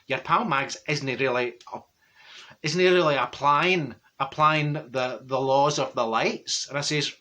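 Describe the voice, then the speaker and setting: A man's voice: a little high, sharp tone. A man playing a gossiping middle-aged Glasgow woman with a Glaswegian accent, telling rambling comic stories with lots of exclamations. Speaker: comedy character monologue. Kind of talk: comic character storytelling.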